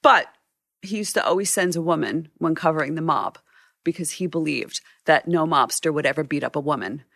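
A woman with a low, gravelly voice recounts her work as a photographer in an interview. She is animated and often breaks into voices and restarts. The sound is dry and close. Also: brisk, dry recording. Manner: animated, acts out quotes, frequent restarts. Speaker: news photographer. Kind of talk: storytelling in a sit-down interview.

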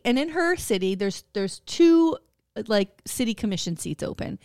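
A woman co-hosting a podcast in casual chat, animated, laughing often and swearing freely. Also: fairly high pitch, moderate pace, clean tone, no room sound, clean studio sound. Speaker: podcast co-host.

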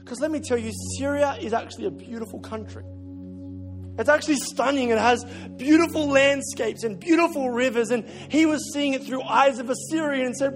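A man's voice: very high voice, fairly quick, soft background music. A middle-aged man, a pastor, preaching a sermon in a conversational, storytelling way, often repeating a word while he searches for the next. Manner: conversational storytelling, self-deprecating, repeats words when searching.

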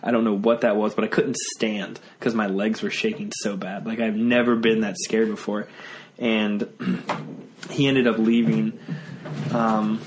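A man's voice: lowish voice, little pitch movement, slow pace, long pauses, background noise. A young man in his twenties casually telling a story, rambling with many fillers. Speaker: podcast guest.

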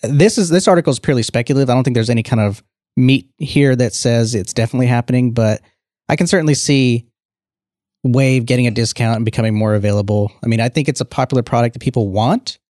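A man with a mid-range voice talks through news as a podcast co-host. He is measured and explanatory. The recording is dry and close. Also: mid-range voice, darkish tone, dry recording. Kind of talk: casual tech chat.

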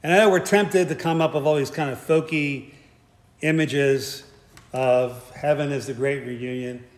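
A man's voice: mid-range voice, steady tone, measured pace. A man giving a conversational sermon, with joking asides and frequent restarts. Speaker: preacher. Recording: echoey hall.

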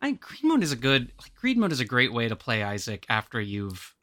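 A woman's voice: extremely low pitch, wildly swooping pitch, a little fast, a bit bright, dry recording. A woman guest-hosting a podcast in casual chat, playful and teasing. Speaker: guest host.

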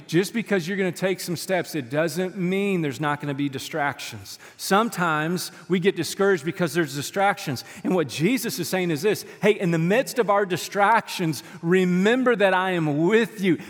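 A man in his thirties preaching a sermon as a pastor, telling animated, humorous stories from the stage of a church. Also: high-pitched. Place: church sanctuary. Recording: long church-hall reverb.

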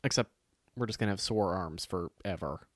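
A man's voice: sits low, moderate pace, no echo, studio quality. A man co-hosting a casual chat, telling stories with acted-out quotes and plenty of swearing. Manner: animated storytelling, swears freely, acts out quotes.

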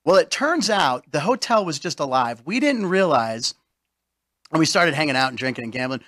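Middle-aged male host, slightly high voice, jokey, eggs the guest on. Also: very animated, normal speed, bright, forceful tone. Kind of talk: casual talk show chat.

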